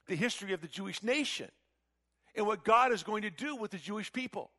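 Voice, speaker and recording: A man preaching a sermon, animated and emphatic, with frequent rhetorical questions. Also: high voice.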